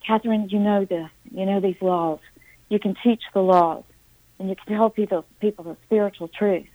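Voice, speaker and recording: A middle-aged woman, a book author and interview guest, telling her story earnestly with halting restarts and dramatic quotes of herself. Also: medium pitch, steady tone, mellow, rough recording.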